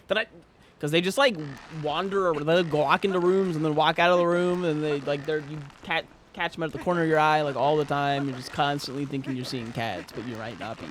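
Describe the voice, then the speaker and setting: A man streaming a video game, rambling and joking with chat and breaking into loud excited outbursts. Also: fairly high pitch, brisk, faint music behind. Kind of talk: casual live-stream chatter.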